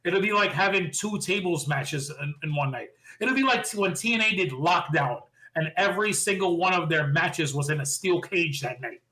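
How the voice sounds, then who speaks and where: On a laid-back podcast, this co-host rattles through the week's wrestling with firm opinions, his slightly high voice quick, expressive, pushed and bright. He frequently performs other people's lines, heard over a rough recording.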